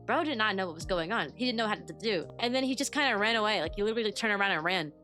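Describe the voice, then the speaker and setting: A young woman telling a story in a casual, chatty way, animated and full of "like" fillers. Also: medium pitch, racing, soft background music. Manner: chatty, animated, heavy use of "like". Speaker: VTuber and kindergarten teacher.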